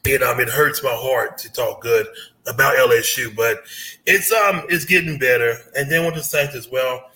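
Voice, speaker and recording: A man's voice: medium pitch, moderate pace, sharp tone, poor audio. A man from Louisiana chatting casually about football as a guest, easygoing and repeating himself. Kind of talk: casual sports chat.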